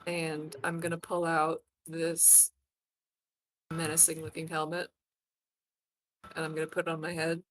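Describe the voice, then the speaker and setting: A woman playing in a tabletop game, briskly describing what her character does. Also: deep voice, completely flat delivery, a bit bright, low-quality recording. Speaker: player. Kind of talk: casual tabletop play.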